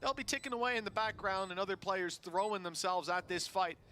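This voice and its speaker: Man, esports caster, high voice, dramatic play-by-play, loud background ambience. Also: a little fast, a little hiss or hum. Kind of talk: play-by-play commentary.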